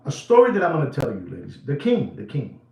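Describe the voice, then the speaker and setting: A watch-dealer host talks straight to his viewers in a casual monologue, hammering points home by repeating words and calling out to ladies and gentlemen. He is a native Spanish speaker, and his voice bounces around an echoey room. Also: mid-range voice, huge pitch swings, vocal fry. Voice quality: emphatic, repetitive, drawn-out phrasing.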